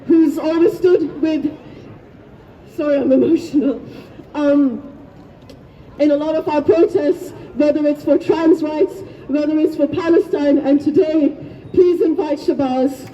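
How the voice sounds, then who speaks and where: Fervent high-voiced woman at a rally. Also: steady tone, unhurried, warm tone, a little hiss or hum. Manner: fervent, leads crowd chants. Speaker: rally speaker. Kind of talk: impassioned protest speech. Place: outdoor street protest. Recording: distant, dull lo-fi, faint crowd.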